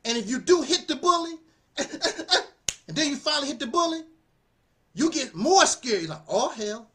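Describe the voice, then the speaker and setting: This channel host's casual commentary is animated and preachy, full of laughter and repeated phrases. He talks at a normal speed in a very high-pitched voice.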